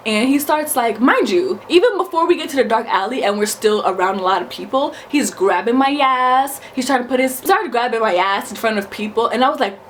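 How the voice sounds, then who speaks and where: A woman in her twenties from New York, telling a story in a casual vlog, animated, profane and emphatic. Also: a little high, fairly quick, a little hiss or hum. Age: 20s. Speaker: vlogger.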